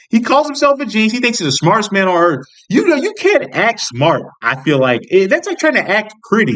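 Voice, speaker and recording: A man's voice: high voice, fairly bright tone. A young man ranting angrily in a vlog, swearing constantly, restarting sentences and rambling with frustration. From United States. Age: young adult. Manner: angry, profane, rambling rant with many restarts. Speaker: vlogger. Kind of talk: political commentary rant.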